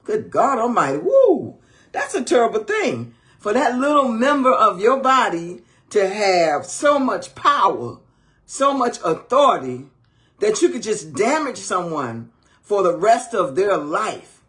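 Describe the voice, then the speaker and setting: A woman's voice: medium pitch, sing-song, unhurried, a bit bright. A woman ministering on marriage to camera in a preaching style, emphatic and full of rhetorical questions.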